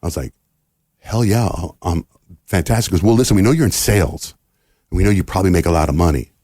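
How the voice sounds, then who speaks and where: A middle-aged American radio host with a low voice talks quickly through a long, casual story in a podcast interview. He animatedly plays out the people in it and their quoted lines, and the studio-quality audio has no echo.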